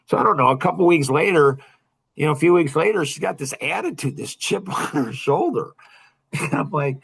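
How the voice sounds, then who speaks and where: Bright-voiced man telling a coaching story. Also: a little high, a little fast, creaky, breathy edge. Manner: animated storytelling with frequent laughs. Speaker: mentor leading a coaching group. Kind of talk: casual group coaching talk.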